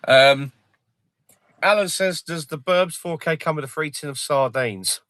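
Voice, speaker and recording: A man hosting a casual livestream, joking, swearing and excitedly retelling film scenes. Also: a little high, unhurried, no echo. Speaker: livestream host.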